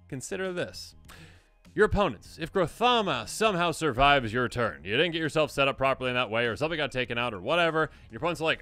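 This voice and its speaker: A man hosting a casual card game review, animated and jokey, now and then acting out silly voices. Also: on the high side, a little fast, clear, resonant tone, no echo, faint music behind. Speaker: host.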